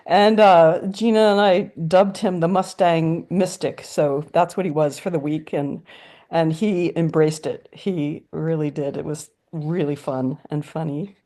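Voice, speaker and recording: Slow, mellow woman giving a tribute. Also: deep voice, steady tone. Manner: halting, warm storytelling with restarts. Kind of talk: memorial remembrance. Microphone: video call. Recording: video call audio.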